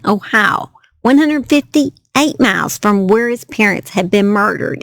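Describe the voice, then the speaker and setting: A woman's voice: fairly high pitch, no room sound. A woman with a Southern US accent telling a true crime story by a campfire outdoors at night, chatty and self-deprecating. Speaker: true crime channel host. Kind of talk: casual storytelling to camera.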